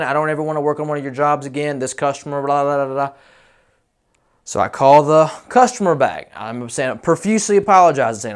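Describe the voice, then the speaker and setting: A man's voice: mid-range voice, fast. A man, a roofing contractor, casually telling a story about a difficult customer, rambling with fillers and restarts and quoting others in his own voice.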